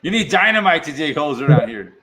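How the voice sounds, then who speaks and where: A man's voice: on the high side, sing-song, fast, crowd noise. A man hosting a casual podcast chat, laid-back, laughing often and swearing casually. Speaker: podcast host.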